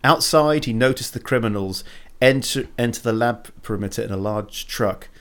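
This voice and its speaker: Male co-host, casual chat, jumps up in pitch when worked up. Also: moderate pace. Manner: animated, jumps higher when excited or joking. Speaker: podcast co-host. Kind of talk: casual chat with plot summary.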